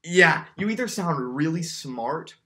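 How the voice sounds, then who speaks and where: A man's voice: fairly high pitch, expressive, measured pace, pushed and bright. This man co-hosts a podcast with easy, joking chatter. He laughs freely and often trips over his words, repeating them as he goes. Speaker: podcast co-host. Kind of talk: casual chat.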